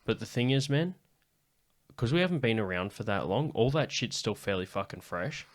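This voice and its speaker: A man's voice: lowish voice, moderate pace. A man with an Australian accent hosts a comedy podcast, telling stories in casual chat and swearing a lot. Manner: animated storyteller, swears often. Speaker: podcast host.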